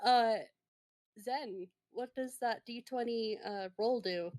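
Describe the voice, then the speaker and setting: Slow, calm woman running a tabletop game. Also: on the high side, no echo. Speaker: game master.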